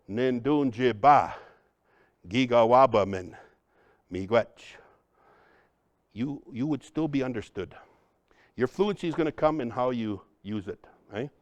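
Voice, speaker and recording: Energetic man leading a workshop. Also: medium pitch, dry recording. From Upper Midwest, United States. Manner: energetic, joking, addresses the crowd as folks. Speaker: cultural trainer. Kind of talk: lively workshop presentation.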